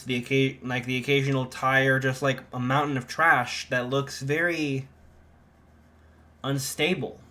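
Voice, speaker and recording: A man telling an improvised fan story at a slow, unhurried pace. He rambles and pads his sentences with fillers, circling back as he thinks. His voice sits in an ordinary middle pitch. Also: fairly bright tone. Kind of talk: improvised fan-fiction narration.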